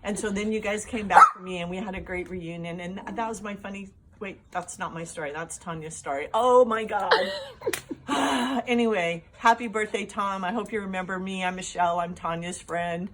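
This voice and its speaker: A woman's voice: mid-range voice, moderate pace, very noisy. A woman, a family friend, telling a rambling story and joking her way through a birthday message. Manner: rambling, joking, self-interrupting.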